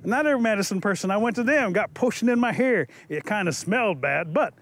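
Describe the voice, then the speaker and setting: A man voicing a shy, lovesick young man, speaking softly and earnestly. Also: high-pitched, expressive, fairly quick. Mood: rattled.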